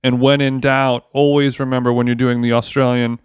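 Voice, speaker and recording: Deadpan man with a smooth voice. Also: medium pitch, brisk, no echo. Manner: deadpan, teasing. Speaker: podcast co-host. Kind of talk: casual chat.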